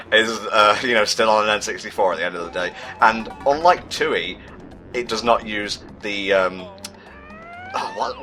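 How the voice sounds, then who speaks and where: Bright-toned, chatty British man. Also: lowish voice. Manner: chatty, sardonic, stumbles hunting for words. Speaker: let's play commentator. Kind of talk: casual gaming commentary.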